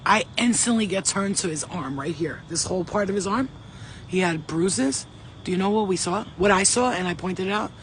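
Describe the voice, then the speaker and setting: Talking directly to viewers, a spiritual channeler and vlogger rambles through a casual monologue in a notably high voice. He curses freely, gets worked up, and jumps quickly from story to story. The recording is low-quality, with a faint hum behind it.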